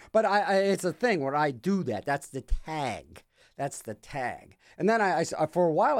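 A man's voice: fairly high pitch, dry recording. A man hosting a radio show in a studio, rambling in a wry, sarcastic way. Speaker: radio DJ host.

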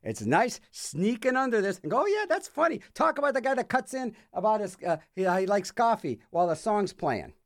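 A man's voice: high-pitched, big pitch swings, brisk, few pauses, dry recording. A man hosting a radio show in a studio, rambling in a wry, sarcastic way. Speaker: radio DJ host.

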